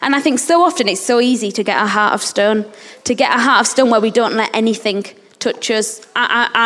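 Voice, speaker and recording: A woman's voice: a little high, a little fast, a bit bright. A woman preaching a sermon, earnestly putting questions straight to her listeners. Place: church service. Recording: long hall reverb.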